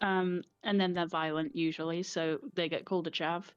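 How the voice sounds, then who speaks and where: A woman's voice: fairly low pitch, level tone, normal speed, clean tone, dry recording, dull audio, faint music behind. A woman co-hosting a casual live stream, explaining things plainly and laughing easily. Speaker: streamer co-host.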